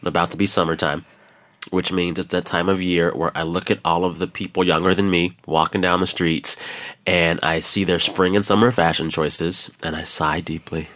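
A man's voice: low-pitched, level tone, moderate pace, a bit bright, dry recording. A man in his thirties hosting a radio talk show, chatting casually with a playful, self-mocking manner. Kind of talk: casual chat. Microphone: studio microphone.

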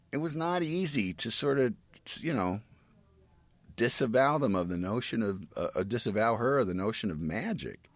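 A man's voice: lowish voice, no echo. A middle-aged man in casual chat, telling family stories in a rambling way with many restarts.

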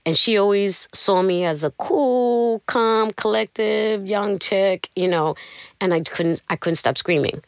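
A middle-aged woman telling her personal story in an interview, animated and acting out the people she quotes. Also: mid-range voice, unhurried, dry recording, studio quality. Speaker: interview guest.

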